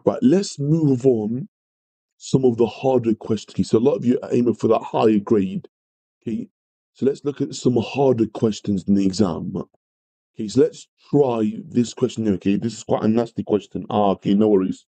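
A man's voice: on the low side, normal speed, warm tone, poor audio. A man teaching a live maths revision lesson, greeting viewers and apologising often as he works through problems. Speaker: maths tutor.

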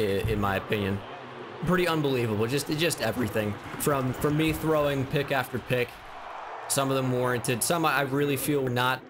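A man's voice: mid-range voice, noisy background. A man giving casual commentary on his video game season, frustrated and stammering, with some swearing. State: upset. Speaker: gaming YouTuber.

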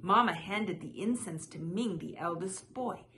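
Slow, soft-spoken woman storyteller. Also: fairly low pitch, a little hiss or hum. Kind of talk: children's picture-book read-aloud.

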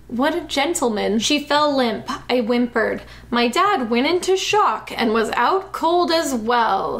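A young woman hosting a comedic reading of fan fiction, with deadpan, sarcastic asides. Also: high-pitched.

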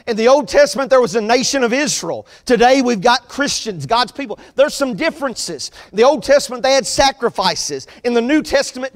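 A man preaching an earnest sermon as pastor of his church, repeating his points in a steady preaching cadence. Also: very high-pitched, big-room sound. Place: church sanctuary.

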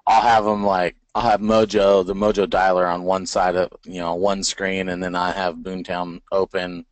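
A young man with a very low voice talks through his daily routine to a coach. He is halting and earnest, leaning on fillers and restarts. The sound is dry and close, with no room around it. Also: little pitch movement, no room sound. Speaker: inside sales agent. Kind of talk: casual call with a coach.

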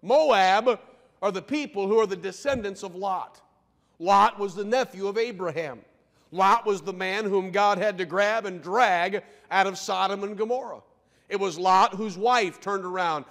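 A male pastor preaching a sermon in a church, emphatic, slowing down to stress key phrases. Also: high voice, fairly bright tone. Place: church sanctuary. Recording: long church reverb.

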